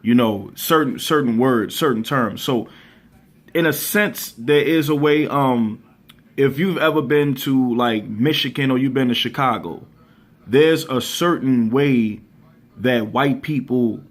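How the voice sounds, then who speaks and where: A man from Baltimore hosting his own channel, giving his opinions in a relaxed, thoughtful way with frequent pauses and ums. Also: mid-range voice. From Baltimore, USA. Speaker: channel host. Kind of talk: casual opinion vlog.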